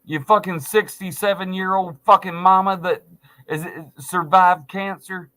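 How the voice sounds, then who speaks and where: Profane, slow-talking man ranting angrily. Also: high voice, steady tone, sharp tone. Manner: angry, sarcastic, heavy swearing. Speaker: vlogger.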